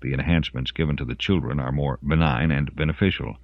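A man's voice: extremely low pitch, fast, dry recording, narrow, tinny audio. A man voicing a cool, matter-of-fact woman who explains things plainly.

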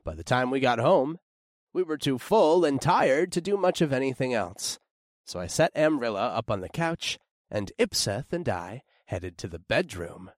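A man narrating a first-person audiobook in an expressive storytelling way. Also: medium pitch, normal speed, no echo, clean studio sound.

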